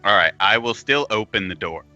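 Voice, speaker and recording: A man playing a tabletop game, speaking slowly and deliberately over a voice call. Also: lowish voice, lively intonation, bright, forceful tone, lo-fi sound, soft background music. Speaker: player.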